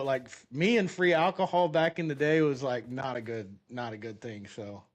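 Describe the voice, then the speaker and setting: A middle-aged man streaming a game, chatty and animated, often laughing as he tells a long story. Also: medium pitch, moderate pace. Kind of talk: casual storytelling while gaming.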